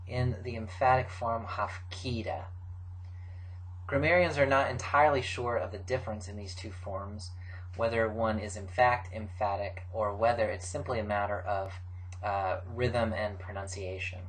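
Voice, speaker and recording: A middle-aged man giving a recorded grammar lecture, explaining forms in a measured way with frequent fillers. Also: medium pitch, steady tone, a little hiss or hum, poor audio. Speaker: Biblical Hebrew teacher.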